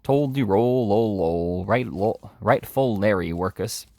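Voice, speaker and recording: A man voicing a cowardly, jeering charity boy in a storybook reading, with a high, mocking tone. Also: slow, vocal fry, no echo, clean studio sound. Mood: sneering. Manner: sneering, mocking; shrill yelling when scared.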